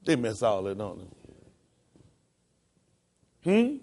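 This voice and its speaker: Man preaching with wide, lively pitch. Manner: rises into high, emphatic preaching with long drawn-out words; calls to the congregation with "come on" and "y'all". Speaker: pastor. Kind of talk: sermon.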